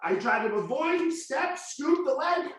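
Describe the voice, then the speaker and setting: Loud, yelling jiu-jitsu coach. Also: male voice, extremely high pitch, sing-song, measured pace, very echoey. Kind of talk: live online class instruction.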